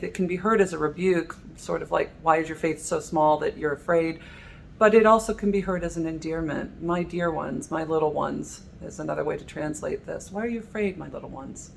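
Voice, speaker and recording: A woman priest giving a sermon, reflective and gentle, softening her voice when she quotes. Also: low voice, gravelly, a little hiss or hum. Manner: gentle, reflective preaching with soft quoted lines. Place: cathedral.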